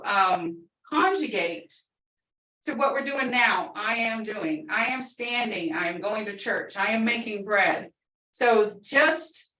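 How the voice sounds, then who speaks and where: A woman teaching an online language class. She speaks at an unhurried pace in a bright, fairly high voice. Her distant video-call mic picks up an echoey room. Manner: patient, explains step by step, says native words slowly.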